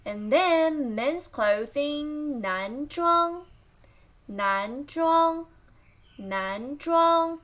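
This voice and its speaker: A woman teaching vocabulary in a lesson, slowly repeating each word and naming its tones. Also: high voice, lively intonation, fairly bright tone. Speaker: Chinese language teacher.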